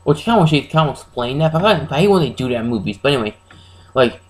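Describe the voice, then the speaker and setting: A man giving a casual, rambling, spoiler-heavy recap of a horror film as a reviewer, excitable and full of restarts. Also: medium pitch, quick pace, poor audio.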